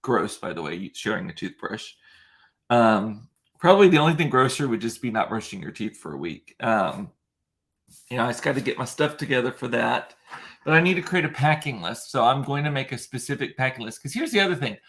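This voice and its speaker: A chatty man in his thirties talks straight to the camera from his home, loose and rambling, dropping dry sarcastic asides. His voice sits at an ordinary middle pitch, recorded close to the camera. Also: expressive, fairly quick, a bit bright. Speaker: vlogger. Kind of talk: casual chat to camera. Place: at home, indoors.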